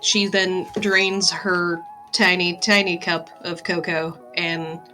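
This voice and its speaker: A woman's voice: on the low side, level tone, slow, bright, forceful tone, faint music behind. A woman playing a tabletop game, describing her character's actions with hesitant fillers. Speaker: player. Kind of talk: casual tabletop play.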